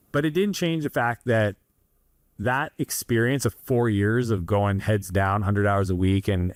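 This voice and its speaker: Rambling earnestly through his story with plenty of asides, this thirtysomething Canadian entrepreneur is a guest in an interview. His voice sits on the low side, captured dry.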